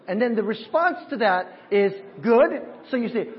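A male pastor talks with his congregation during a church service, upbeat and engaging, with lots of back-and-forth. His voice sits a little on the high side for a man. The recording is dull and lo-fi. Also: sing-song, moderate pace, few pauses. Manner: warm, upbeat, talks with the congregation and teaches them. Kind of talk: sermon.

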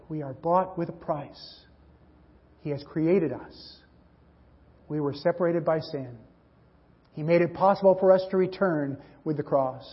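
A man's voice: fairly high pitch, a little slow, pauses often, husky. A man preaching a sermon, telling a story with earnest delivery and acting out its dialogue. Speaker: pastor. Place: church sanctuary. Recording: dull, roomy church hall audio.

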